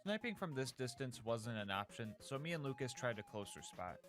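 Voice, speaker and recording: A man's voice: medium pitch, very animated, a little fast, over music. A man narrating a scripted gameplay recap of a challenge run in a jokey, upbeat, slangy way.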